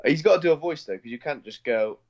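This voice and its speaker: A man's voice: a little high, expressive, quick pace, a little mellow, muffled recording. A man with a Bristol accent co-hosting a podcast, rambling and teasing in casual chat. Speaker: podcast co-host.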